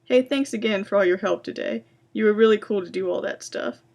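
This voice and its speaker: A woman's voice: medium pitch, brisk, gravelly, a little mellow, lightly acted. A woman voicing a blunt, sarcastic teenage girl who talks in an offhand, casual way.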